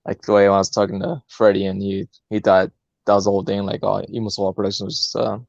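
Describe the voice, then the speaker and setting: A man's voice: lowish voice, level tone, fast talker, creaky, a little mellow, no room sound. A man co-hosting a podcast, talking in a hesitant, filler-heavy way and laughing often. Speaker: co-host. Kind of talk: casual podcast chat. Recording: dull lo-fi sound.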